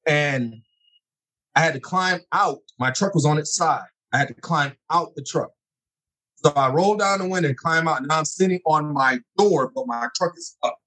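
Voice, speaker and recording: A middle-aged man telling personal stories in conversation, acting out scenes with sudden high exclamations. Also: moderate pace, sharp tone, low-quality recording. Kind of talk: animated storytelling in conversation.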